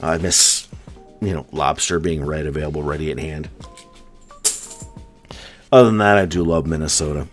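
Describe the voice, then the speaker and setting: A man's voice: very deep voice, moderate pace, long pauses, soft background music. A man from the US East Coast hosting a casual live stream, chatting and answering viewer comments one by one. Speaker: coin roll hunting live streamer.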